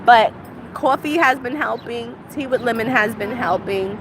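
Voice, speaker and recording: Walking a city street toward a train, a woman with a fairly high voice vents in a vlog monologue at a measured pace. She's upset, keeps firing off rhetorical questions, and has a dry cough that makes her clear her throat, with street noise behind her.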